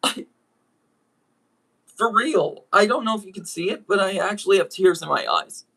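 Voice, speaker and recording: A YouTube voice actor speaking directly to viewers in an apology video, earnest and halting, often restarting sentences while saying sorry. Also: medium pitch, expressive, gravelly, fairly bright tone, slightly rough.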